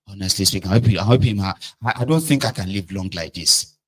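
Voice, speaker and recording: A man with a Nigerian accent speaking in a casual commentary monologue, telling an animated story that swings between loud outbursts and low muttering, with pidgin and Yoruba words mixed in. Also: quick pace.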